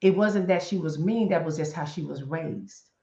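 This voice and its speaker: A woman's voice: low-pitched, moderate pace, mellow. A middle-aged woman talks about grief with blunt, preacher-like emphasis, circling back to repeat her key points. Her voice carries a roomy echo. The live-stream audio sounds a little dull. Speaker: guest on live chat show. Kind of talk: impassioned talk on grief.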